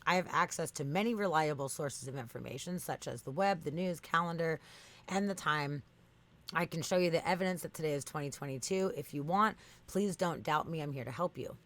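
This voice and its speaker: A woman voicing a self-righteous chatbot that lectures in a low, firm tone. It talks in insistent, repeating lists and never gives ground. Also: a little fast, fairly bright tone. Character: stubborn defensive chatbot, machine, self-righteous.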